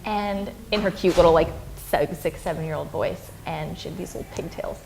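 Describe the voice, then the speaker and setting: A young woman guest in a casual interview, telling lively stories and acting out her own quotes. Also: lowish voice, fairly quick, gravelly, a little hiss or hum. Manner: animated storyteller, acts out quotes. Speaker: interview guest, adventurer and filmmaker.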